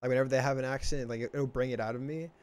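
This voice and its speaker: Young texan guy hosting a podcast, rambles with fillers, mid-pitched voice. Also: steady tone, racing. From Texas. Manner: rambling, many fillers and restarts. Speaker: podcast host. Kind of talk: casual chat.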